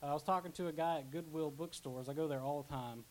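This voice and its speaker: A man's voice: fairly high pitch, fairly even intonation, fast talker, darkish tone, poor audio. A young man preaching a casual sermon as pastor, chatty, with asides and restarts. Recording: faint hiss.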